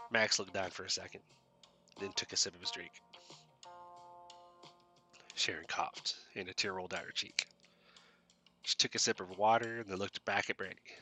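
Bright-voiced man narrating a story. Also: deep voice, fairly even intonation, moderate pace, long pauses, faint music behind. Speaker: storyteller host.

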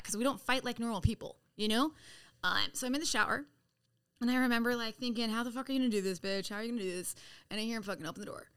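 A middle-aged woman spills a chaotic life story with swearing in nearly every sentence. Her voice is bright and sits a little high. She talks bluntly and animatedly, like she is among friends on a podcast. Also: clean tone. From San Diego, California. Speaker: podcast guest. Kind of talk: casual storytelling.

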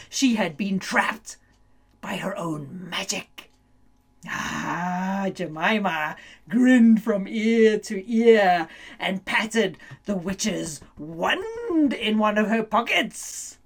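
A woman reading a children's story aloud, animated and playful, building suspense and often breaking into laughter. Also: medium pitch, drawn-out words, vocal fry, breathy edge.

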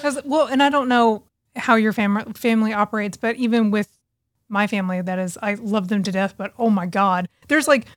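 A woman's voice: mid-range voice, moderate pace, no room sound, studio quality. A woman co-hosting a podcast in a chatty manner, laughing often and acting out her own quotes. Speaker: podcast co-host, author. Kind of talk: casual chat.

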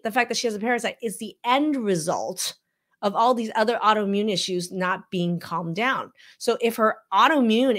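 A woman, a functional medicine practitioner, giving emphatic, animated live reaction commentary and often checking in with "okay?". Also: mid-range voice. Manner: frequent "okay?" check-ins.

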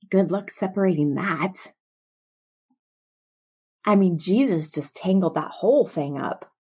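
A woman teaching from scripture in a slow, reflective way, sometimes dropping to soft near-whispers. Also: on the low side, lively intonation, husky. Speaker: Bible teacher.

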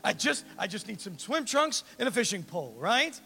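A man preaching a sermon as pastor, animated and conversational, acting out the disciples' voices. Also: sits high, moderate pace, gravelly, long reverb tail, soft background music.

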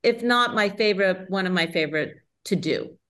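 A woman with a neutral General American accent, a guest actress chatting casually on a podcast. She is modest and laughs easily, and her voice sits at a medium pitch. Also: normal speed, fairly bright tone.

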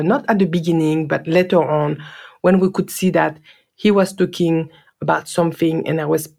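Gravelly-voiced French-accented woman. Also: sits low, a little mellow. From Guadeloupe, French Caribbean. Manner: reflective, earnest, repeats words for emphasis. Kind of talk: personal storytelling.

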